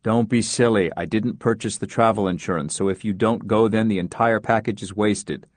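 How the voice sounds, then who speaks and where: A man's voice: lowish voice, steady tone, moderate pace, no echo, natural voice. A man playing an earnest, persuasive neighbor. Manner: earnest, persuasive, plain-spoken. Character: determined middle-aged neighbor, kindly and persuasive.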